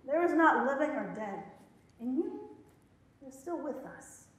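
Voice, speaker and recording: Woman poet, high voice, rhythmic dramatic spoken word, very echoey lecture hall. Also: expressive, measured pace. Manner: rhythmic, dramatic poetic delivery with playful laughing asides to the audience. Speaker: poet performing a reading. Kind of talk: spoken word poetry performance.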